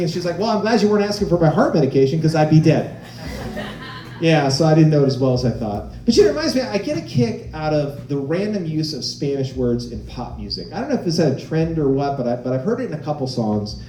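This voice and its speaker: A man performing stand-up with a lively voice that swings high and low. His tone is mellow and dark, and the sound is roomy like a live club stage. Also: fast, few pauses, far from the mic. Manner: animated storytelling, acting out voices of others. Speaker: stand-up comedian. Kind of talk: stand-up comedy set.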